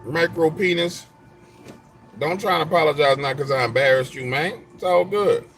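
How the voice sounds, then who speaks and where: A man's voice: on the high side, fairly quick, creaky, fairly bright tone. A man in casual live-stream chat, trash-talking viewers and telling stories in loose slang.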